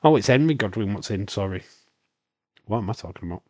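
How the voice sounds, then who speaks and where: Yorkshire bloke rambling thru a livestream, kinda low voice, lots of uhs. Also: male voice, fairly quick, darkish tone, dry recording. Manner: rambling, chatty, answers chat aloud with frequent fillers. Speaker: host of a wrestling watch-along stream. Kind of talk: casual live-stream commentary, reading chat questions.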